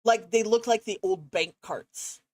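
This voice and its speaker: A woman's voice: mid-range voice, measured pace, no echo. A woman running a tabletop game as game master, talking casually with many fillers.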